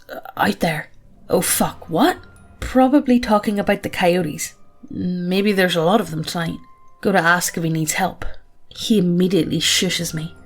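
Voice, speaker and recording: A woman reads a first-person horror story in a casual, profane, present-tense way. Her voice sits on the low side, with faint music underneath. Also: fairly bright tone.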